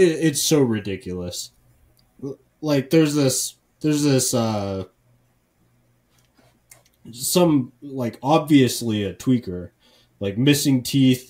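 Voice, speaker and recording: A man's voice: mid-range voice, warm tone. A man on a casual comedy podcast, ranting profanely and rambling with lots of false starts. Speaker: podcast co-host.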